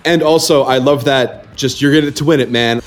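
A man's voice: medium pitch, fairly even intonation, moderate pace, faint music behind. A man co-hosting a podcast, gushing with enthusiastic praise for a caller. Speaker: podcast co-host. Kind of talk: casual podcast chat.

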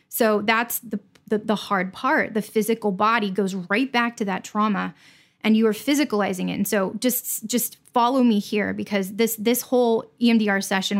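A woman's voice: mid-range voice, vocal fry. A woman musician in a candid conversation, talking earnestly and emphatically, often repeating phrases to reassure.

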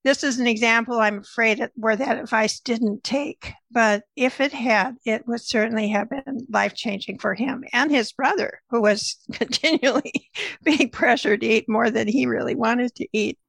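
An older woman, a nutritionist guest, telling lively stories from her career in a conversational way. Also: a little high, normal speed, creaky, dry recording, poor audio. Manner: lively anecdotal storyteller. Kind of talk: conversational storytelling.

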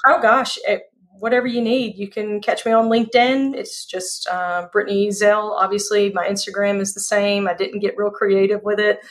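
A woman's voice: medium pitch, fairly even intonation, moderate pace, few pauses. A woman, a guest speaker talking in a folksy, emphatic way and repeating phrases for effect. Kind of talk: casual interview chat.

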